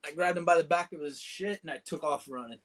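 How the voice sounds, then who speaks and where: A man's voice: a little high, fast. A man and combat veteran, a podcast guest casually telling a war story in vivid, profane detail, full of "dude" and "man".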